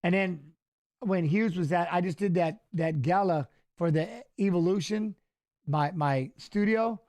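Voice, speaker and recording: A man's voice: sits high, measured pace, darkish tone. A middle-aged man, a former fighter, telling loose, rambling stories with frequent restarts during a casual watch-along of a fight. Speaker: former fighter and guest commentator.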